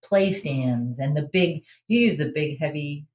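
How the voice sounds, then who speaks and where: A woman's voice: low voice, lively intonation, unhurried, a little mellow. A woman hosting a live online trivia game in a casual, chatty way, reading out answer options and laughing often. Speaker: trivia host.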